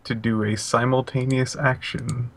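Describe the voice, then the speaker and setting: A man taking his turn as a player in a tabletop game, phrasing his moves in a deliberate, measured way. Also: medium pitch, little pitch movement, a bit bright, slight background noise. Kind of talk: casual tabletop play.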